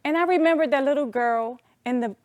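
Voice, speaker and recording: Lively high-voiced woman telling a funny story. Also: fairly quick, no echo, studio quality. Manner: animated, humorous, addresses audience as y'all. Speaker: speaker telling a personal story. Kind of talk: storytelling talk.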